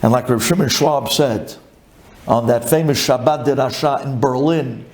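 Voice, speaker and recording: A man's voice: moderate pace, slight background noise. A male rabbi giving a sermon and telling the story dramatically, with Hebrew and Yiddish terms in his English. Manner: animated storytelling with big swings in pitch and volume.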